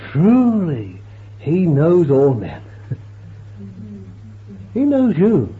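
A man's voice: on the high side, huge pitch swings. A man preaching a sermon in an emphatic, dramatic way, his voice rising and falling as he quotes and explains scripture. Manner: emphatic, slow, dramatic swells and drops. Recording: tinny lo-fi recording with faint hiss.

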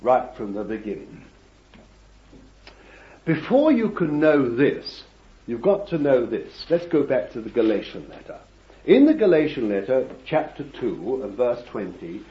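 A man preaching a sermon, reading scripture and addressing his listeners as beloved, swinging from hushed words to loud ones. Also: medium pitch, sing-song, a little slow. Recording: dull, echoey old recording.

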